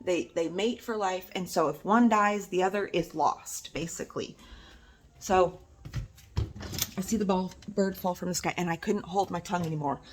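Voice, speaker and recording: A woman's voice: fairly low pitch, normal speed. A woman venting on her own vlog, angry and hurt, swearing and going back over the same points. She records on a phone outdoors near her house, with insects chirping in the background. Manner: upset, angry, swearing, repeating herself. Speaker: vlogger. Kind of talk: emotional personal vlog.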